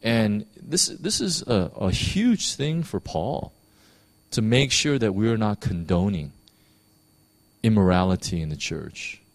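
Male pastor, low voice with wide swings, casual animated sermon, dry close sound. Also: slow, vocal fry, no echo. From United States. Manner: conversational, animated preaching with many restarts.

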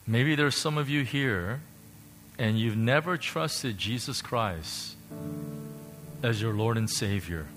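A male pastor preaching passionately, swinging from loud to hushed as he leads an altar call. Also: medium pitch, animated, slow. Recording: music playing under the preaching. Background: worship music.

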